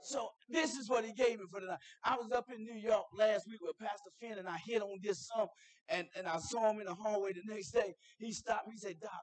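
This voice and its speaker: A middle-aged man preaching in a church as a guest chaplain, telling stories conversationally, asking the congregation questions, and building up to shouted preaching. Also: sits high, dry recording. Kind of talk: sermon.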